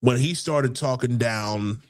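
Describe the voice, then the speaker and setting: A man's voice: mid-range voice, slow. A man hosting a casual political talk show, heated and rambling, often repeating words as he builds his point. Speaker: podcast host.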